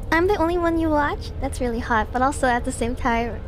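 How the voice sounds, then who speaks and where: A young woman streaming a game, chatting casually with her chat, jumpy and quick to swear when startled. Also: high-pitched, background noise. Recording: clear game music behind voice. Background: game music.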